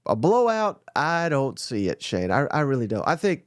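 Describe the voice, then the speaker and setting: Teasing man with a lively voice. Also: mid-range voice, moderate pace, no echo, clean studio sound. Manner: teasing, reads out listener comments. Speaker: podcast co-host. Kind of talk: casual sports chat.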